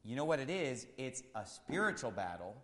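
A male pastor preaching an impassioned sermon, swinging between loud shouts and quiet, low asides. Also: sing-song, normal speed. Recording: long hall reverb.

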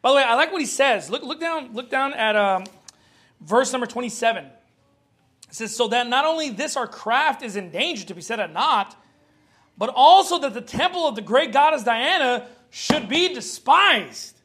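A high-pitched man preaching with fervent emphasis. He swings between loud declarations and a relaxed, conversational storytelling voice from the pulpit. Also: normal speed. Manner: fervent preaching, shifting to a low chatty storytelling tone. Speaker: pastor. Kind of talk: sermon.

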